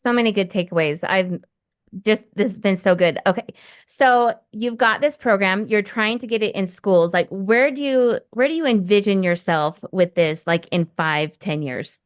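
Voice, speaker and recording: A middle-aged woman hosts a podcast from her home, chatting and rambling with plenty of fillers. Her voice is mid-pitched. It sounds close and dry. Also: normal speed, smooth, no echo. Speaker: podcast host. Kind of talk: casual interview conversation.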